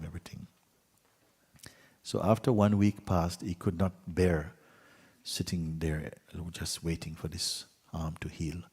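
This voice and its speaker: A man, a spiritual teacher, telling a fable to an audience in an unhurried way, with pauses, sometimes dropping to a hushed whisper. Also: deep voice, husky, in a large hall. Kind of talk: storytelling talk to an audience.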